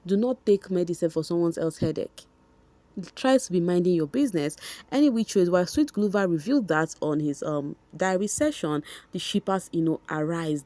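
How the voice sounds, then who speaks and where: Chatty Nigerian woman with a mellow voice. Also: fairly low pitch, no echo. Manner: chatty, addresses viewers directly, repeats for emphasis. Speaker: vlogger. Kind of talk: casual gossip commentary.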